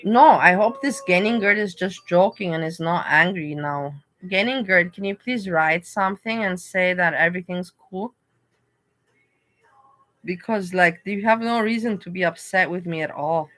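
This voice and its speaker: A woman's voice: fairly low pitch, moderate pace, a bit bright. A woman, hosting a casual livestream and talking to her viewers, pleading and reasoning with one of them. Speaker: livestream host.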